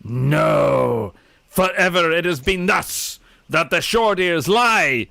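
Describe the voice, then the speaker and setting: A man's voice: on the high side, animated, slow, gravelly, bright, forceful tone, dry recording, full character voice. A man voicing a frightened, desperate male orc shaman in a tabletop game, declaiming and pleading. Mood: defiant.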